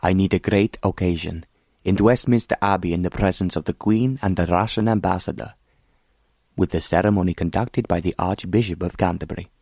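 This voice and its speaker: A man's voice: low voice, a little fast, a little mellow, no room sound, clean studio sound. A man playing an arrogant scheming prince who speaks coldly and mockingly. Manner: mocking, cold, condescending. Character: cold scheming foreign prince, arrogant villain.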